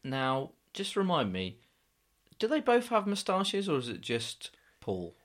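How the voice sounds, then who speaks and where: A man's voice: fairly high pitch, wildly swooping pitch, unhurried, fairly bright tone. A man co-hosting a comedy podcast, dry and bemused, playing the skeptic. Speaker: podcast co-host.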